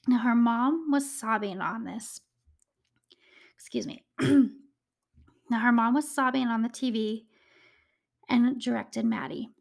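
A woman's voice: on the high side, slow, creaky, pauses often. Chatty woman podcaster telling a case. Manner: chatty, uses "like" a lot, emotional asides. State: choked up, tearing. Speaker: true crime podcast host. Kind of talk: casual storytelling.

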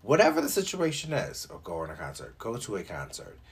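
A young man hosts his own podcast, chatting casually and joking in an animated way, full of swearing and filler "likes." His voice is fairly low, a little fast, creaky, with a breathy edge.

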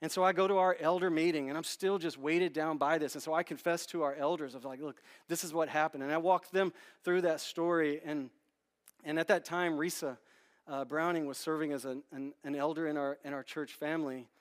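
A man's voice: a little high, steady tone, a little fast. A man in his thirties preaching a sermon in a church, telling a candid, self-deprecating story with many restarts. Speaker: pastor. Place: church sanctuary.

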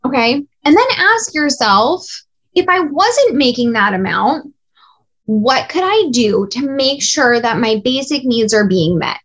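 High-voiced blunt woman coach. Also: measured pace. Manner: lively, blunt, swears casually, acts out voices. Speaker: business coach. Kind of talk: casual coaching talk.

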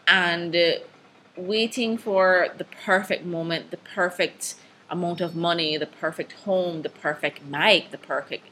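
A Jamaican-accented woman talks through a casual solo podcast in a notably low voice. She rambles nervously and breaks into laughter often. A faint noise sits under the recording. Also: steady tone, a little slow, sharp tone. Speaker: podcast host.

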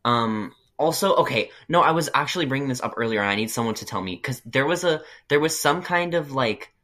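A man co-hosting a podcast in casual chat, sick and achy, rambling through animated stories. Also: medium pitch, a little fast. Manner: rambling, animated storytelling with put-on quotes. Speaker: podcast co-host.

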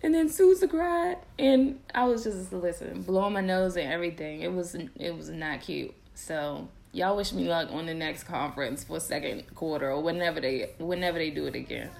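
Young woman host, chatty and animated, slightly low-pitched, laughs a lot; casual podcast talk. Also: moderate pace, vocal fry, few pauses. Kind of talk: casual chat to viewers.

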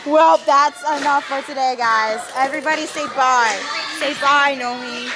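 A young woman hosting a casual vlog, chatty, excitable and joking about herself. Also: high-pitched, moderate pace. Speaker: vlog host. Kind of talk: casual chat. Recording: loud crowd behind. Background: crowd noise.

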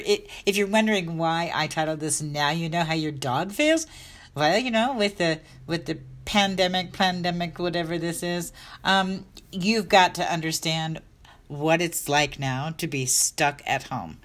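A woman's voice: lowish voice, a bit bright. A middle-aged woman, a dog health coach, talking in a chatty, upbeat, rambling way. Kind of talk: casual vlog talk.

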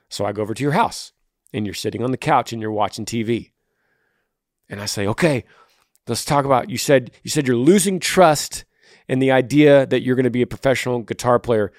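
A man with a medium-pitched, tired voice hosts a podcast, briskly answering listener emails with casual, earnest advice. He sounds pleading at times and drops almost to a whisper when pressing a point, in clean studio sound without echo.

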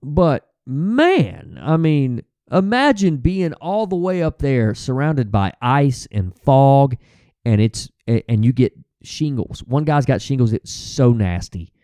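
A man talks casually as a podcast host, rambling from one thought to the next with lots of swearing and false starts. His voice is mellow and relaxed, and it sits dry and close with no room sound around it. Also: medium pitch, slow pace, dry recording. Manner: rambling, profane, restarts and fillers. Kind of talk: casual monologue.

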